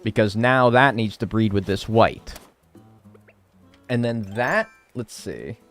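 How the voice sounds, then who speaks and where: A man's voice: fairly low pitch, slow, fairly bright tone, soft background music. An American man chatting casually on a live stream while playing a game, joking around and swearing freely.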